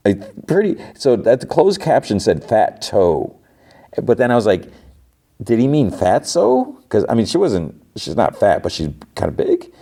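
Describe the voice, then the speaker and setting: Low-voiced man rambling through a recap. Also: wildly swooping pitch, moderate pace, mellow. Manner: rambling, full of "like" and restarts. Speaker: podcast host. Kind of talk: casual episode recap.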